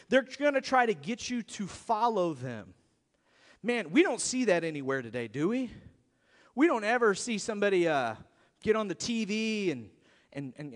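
Animated preacher man in a reverberant hall. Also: high-pitched. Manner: animated, conversational, acts out quoted voices. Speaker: pastor. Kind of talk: sermon.

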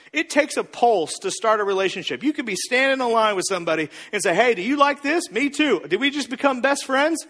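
A man preaching a sermon to a congregation, animated and joking, acting out the people he quotes in comic voices. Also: very high voice. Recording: long hall reverb.

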